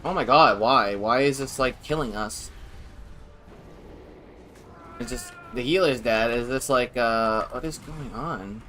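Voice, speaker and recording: Bright-voiced male game streamer. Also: mid-range voice, slow pace, pauses often, slight background noise. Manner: casual, swearing, exasperated. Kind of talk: live gameplay commentary.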